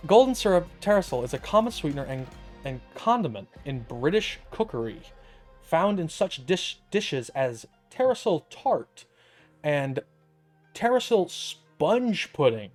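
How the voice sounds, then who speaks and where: Profane, animated young male streamer. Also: on the high side, a little slow, faint music behind. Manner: profane, incredulous, joking. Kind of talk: casual reading and commentary.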